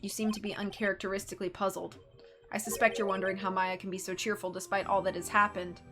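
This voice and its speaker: A woman voicing a composed young male prosecutor in a measured, formal manner, as a dramatic game reading. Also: mid-range voice, little pitch movement, music in the background, lightly acted.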